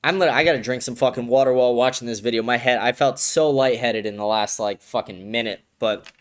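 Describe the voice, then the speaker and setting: A man's voice: mid-range voice, fairly quick. A man hosting a political commentary livestream, ranting crudely and swearing often while answering his live chat. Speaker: livestream host.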